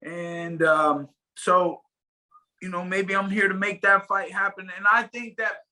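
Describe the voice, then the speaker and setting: Male fighter guest, bright high-ish voice, loose rambling talk on a video call. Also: level tone, a little slow, slight background noise, poor audio. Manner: rambling, many fillers and restarts. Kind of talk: casual interview chat.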